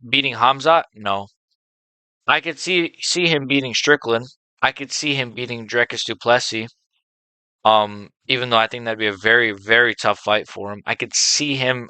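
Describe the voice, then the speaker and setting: In a clear, resonant, pushed and bright mid-range voice with no echo, a man rambles through casual fight picks. He's an MMA video host delivering an unscripted monologue, cursing freely, filling pauses with um and like, and offering enthusiastic fan opinions.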